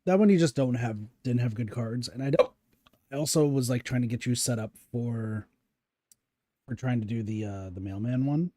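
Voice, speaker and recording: Male streamer, mellow and relaxed, hiccuping, halting coach with fillers, dry close sound. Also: medium pitch, dry recording. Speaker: streamer guiding a co-player. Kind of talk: casual gaming chat.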